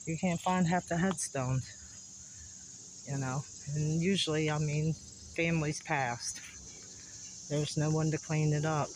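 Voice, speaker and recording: Here the man, a vlogger visiting old sites, is breathless on a wooded hill, laughing between gasps while he chats folksily to the camera during his hike. The audio is poor, with slight background noise plus insects and crickets. His voice sits a little high, his intonation fairly even, and he talks a bit slowly with frequent pauses.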